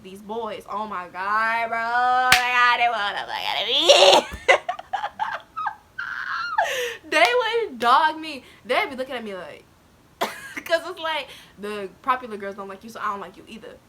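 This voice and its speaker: Young woman vlogger, high and very lively voice, laughs a lot and nearly cries as she tells her story. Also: moderate pace, background noise. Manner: animated, laughing often, swings into near-crying. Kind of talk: casual storytelling to viewers.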